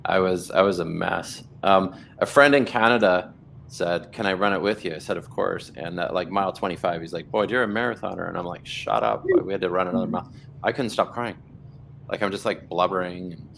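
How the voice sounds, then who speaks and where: A man with a very low, gravelly voice tells his story on a video call, earnest and rambling, with restarts and bits of quoted dialogue. Faint noise sits behind him. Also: fairly even intonation, brisk, a bit bright. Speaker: guest, blood cancer survivor. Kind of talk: livestream conversation, personal storytelling.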